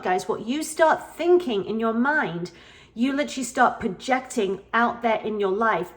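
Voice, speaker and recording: A middle-aged woman vlogger telling an earnest personal story in a casual, emphatic way, repeating phrases for emphasis. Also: a little high. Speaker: spiritual vlogger.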